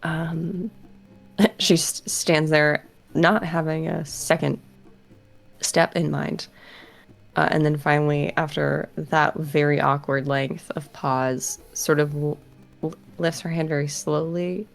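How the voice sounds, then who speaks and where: A woman's voice: sits low, fairly even intonation, slow pace, vocal fry, soft background music. A woman player hesitantly narrating her character's actions in a tabletop game. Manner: hesitant, many ums.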